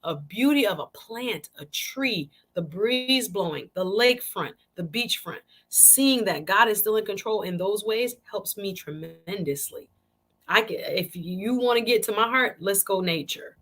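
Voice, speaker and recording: A woman's voice: medium pitch, a little slow. Chatty woman hosting a live stream. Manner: animated, chatty, repeats phrases. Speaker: show host. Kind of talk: casual live-stream chat.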